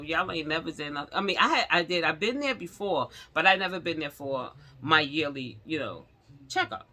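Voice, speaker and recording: A middle-aged woman tells her own story straight to her viewers in a vlog. Her voice is very bright and cutting, and she tells it animatedly, acting out what the other people said. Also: sits low. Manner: acts out the others' lines in the story. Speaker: vlogger. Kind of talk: personal storytelling to camera.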